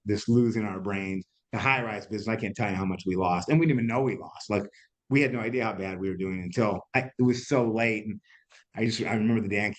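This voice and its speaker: A middle-aged man, an entrepreneur, telling candid stories in an interview, animated and laughing, now and then swearing. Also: lowish voice. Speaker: entrepreneur guest.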